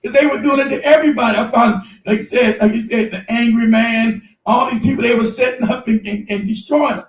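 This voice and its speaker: A man hosting a casual show, telling a story in an animated, profane way and acting out the voices of the people he quotes. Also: extremely high pitch, brisk, roomy sound, recorded from a distance, faint music behind, low-quality recording. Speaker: show host.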